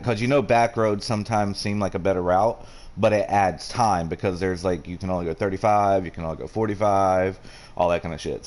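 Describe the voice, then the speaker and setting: A man with a drawl chats while streaming a game. His voice sits a little low, and he rambles from story to story, swearing freely along the way. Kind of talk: casual chat while gaming.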